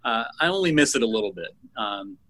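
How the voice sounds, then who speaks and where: A man, a teacher and former TV news editor, talking reflectively as a guest in a casual interview, with frequent pauses and restarts. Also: mid-range voice, very animated, pushed and bright, no room sound, poor audio. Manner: reflective, many fillers and restarts.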